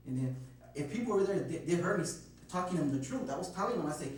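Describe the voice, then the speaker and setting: A man's voice: a little high, fast. A man being questioned, nervously rambling through his account with lots of swearing and restarts. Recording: very echoey room, distant mic, faint hum.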